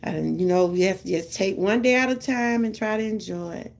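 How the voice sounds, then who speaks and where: This older woman, Southern US accent and all, talks briskly at a medium pitch with some vocal fry. It's relaxed live-stream chat with her viewers, punctuated by frequent laughter.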